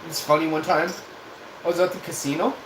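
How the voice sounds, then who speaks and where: A man's voice: fairly high pitch, level tone, a little fast. A man, a live streamer telling a casual, rambling and profane story. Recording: echoey room with background noise.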